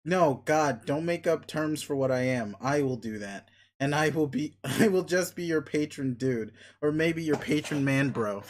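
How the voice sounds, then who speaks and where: A man reads as a vicious, bossy young alien male, sneering and blunt, using a slightly high voice not far from his normal reading voice. He pushes his demands in a domineering mood, expressive and at a measured pace.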